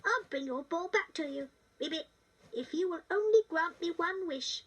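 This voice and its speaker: Brief: funny little green frog, voiced by a woman, croaky, British, boyish. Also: very high voice, lively intonation, moderate pace, a bit bright, recorded from a distance, poor audio. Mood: friendly. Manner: croaky, ribbiting.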